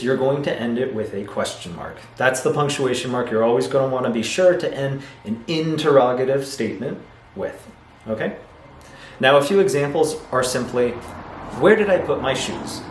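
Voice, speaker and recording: A man's voice: mid-range voice, normal speed. A man teaching a video lesson on English grammar, explaining patiently and acting out example sentences. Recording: roomy echo, faint noise.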